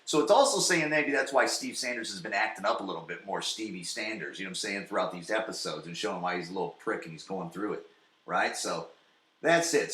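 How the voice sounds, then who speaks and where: Male podcast host, excitable profane recapper, bright tone, echoey room. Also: fairly low pitch. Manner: profane, excitable, swings loud and soft. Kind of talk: casual episode recap.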